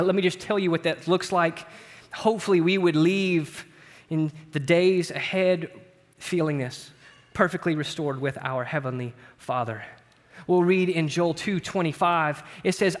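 A middle-aged man preaching a sermon in a conversational way, often asking "right?" and moving between loud, lifted passages and hushed ones. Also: on the high side. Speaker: pastor. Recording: long hall reverb.

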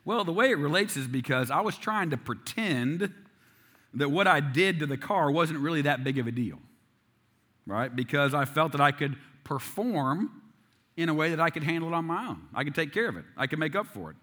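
A man's voice: fairly high pitch, lively intonation, normal speed, pushed and bright. A man in his forties preaching a sermon, telling a personal story in a conversational, self-deprecating way and asking the congregation rhetorical questions. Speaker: pastor.

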